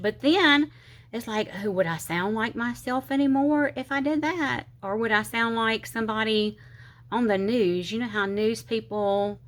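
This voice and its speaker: A middle-aged woman with a Southern US accent, chatting casually and rambling as she decorates her planner, with slightly slurred speech, sometimes counting under her breath. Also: mid-range voice. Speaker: planner channel host. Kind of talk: casual chatty crafting vlog.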